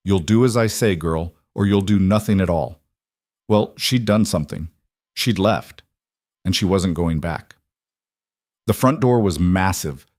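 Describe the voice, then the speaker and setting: A man narrating a story in a measured, scripted audiobook style. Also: low-pitched, no room sound, clean studio sound.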